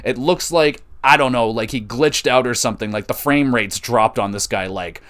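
A man hosting a podcast, reviewing wrestling shows in an excitable, casual way, laughing and swearing freely. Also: mid-range voice, moderate pace. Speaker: podcast host.

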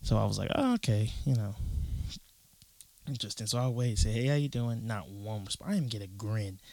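A young man talking on a casual podcast, telling stories with a lot of swearing, acting out what people said and breaking into sudden loud outbursts. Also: fairly low pitch, a little fast, vocal fry. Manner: animated, profane storytelling with acted-out quotes and sudden loud outbursts. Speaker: podcast co-host.

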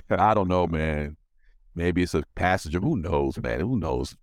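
A man hosting a podcast, telling a story in casual, profane, animated chat. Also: deep voice, a little slow, dry recording, studio quality. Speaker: podcast host.

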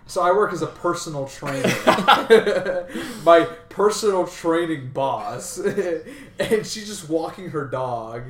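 A man's voice: on the high side, expressive, slow, distant mic, crowd noise. A man who works as a personal trainer, chatting casually with friends about their new business and laughing easily. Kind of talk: casual chat. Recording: roomy, from off-mic.

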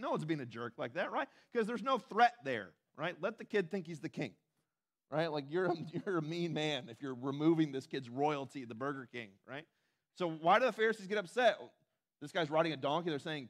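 A man's voice: a little high, animated, fairly quick. A man preaching a sermon in a conversational way, with asides to the congregation and acted-out quotes. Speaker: pastor.

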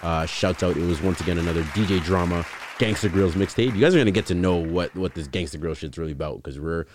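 A man's voice: low voice, fast, a crowd in the background, noisy background. A young man hosting a podcast in casual chat, laid-back, often mimicking people he talks about. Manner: laid-back, retells clips in mocking voices. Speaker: podcast host.

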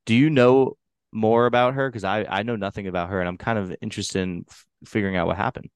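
A man's voice: fairly low pitch, steady tone, quick pace, clear, resonant tone, dry recording. A man with a New Hampshire accent, hosting a casual movie review podcast in a loose, rambling way with casual swearing. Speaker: podcast host.

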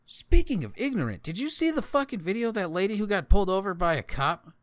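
A man chatting casually and swearing freely as he tells a story with animated energy. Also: high-pitched, quick pace, no echo, clean studio sound. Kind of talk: casual chat.

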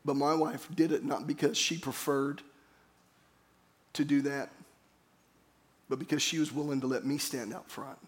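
A man's voice: fairly high pitch, fairly even intonation, moderate pace, pauses often. A man pastor preaching a sermon, earnest and storytelling, calling on the congregation to repeat phrases after him.

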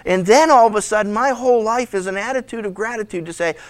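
A man preaching with lots of energy, his voice sitting high. He keeps slipping into quick acted-out voices of worried churchgoers and of Jesus. The sound is dry and close, with no room echo. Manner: animated, acts out voices of people and Jesus. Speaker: pastor. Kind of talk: sermon.

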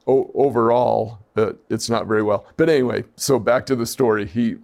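A middle-aged man, a former high school coach, telling a story on a podcast with rambling, self-mocking humor. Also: fairly even intonation, normal speed, gravelly, darkish tone. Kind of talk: casual storytelling chat.

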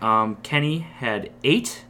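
A man's voice: mid-range voice, takes it slowly. A young man co-hosting a casual podcast, chatting loosely and tallying scores with frequent restarts. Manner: relaxed, restarts words, tallies scores aloud. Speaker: podcast co-host running the draft.

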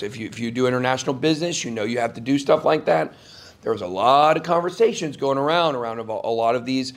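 A man as an interview guest before a live audience, telling a story in an emphatic, rambling way, his voice jumping up sharply when he gets worked up. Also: medium pitch.

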